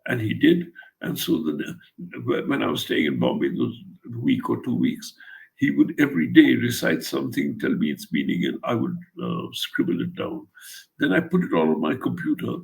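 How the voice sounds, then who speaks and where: Older man with a gravelly, lively voice. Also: lowish voice, normal speed, poor audio. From India. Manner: wry, blunt anecdotal storytelling with acted-out quotes. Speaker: author interviewed about his translations. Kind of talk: storytelling interview.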